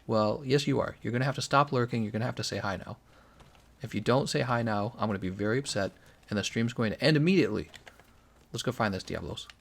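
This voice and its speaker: A man's voice: mid-range voice, quick pace, vocal fry. A young man live streaming a game, chatting casually and jokingly reading out his chat. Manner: joking, reads chat aloud, animated.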